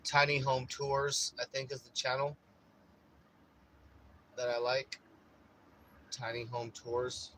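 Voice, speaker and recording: A man chatting casually in a vlog from inside his RV, rambling and swearing, getting animated when he acts out stories. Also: mid-range voice, slow pace, pauses often, slight background noise, rough recording. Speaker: vlogger. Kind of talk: casual chat.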